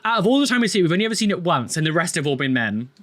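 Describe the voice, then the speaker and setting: A man's voice: a little high, big pitch swings, very fast, fairly bright tone. A man, a tattoo artist, giving exasperated, rambling reaction commentary full of fillers.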